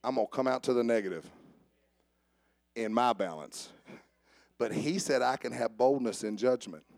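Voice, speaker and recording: A man preaching a sermon. He jokes with the congregation and swings from soft asides to raised calls. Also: medium pitch, moderate pace, gravelly, dry recording, clean studio sound. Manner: joking with the congregation. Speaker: pastor. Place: church service with instrument behind.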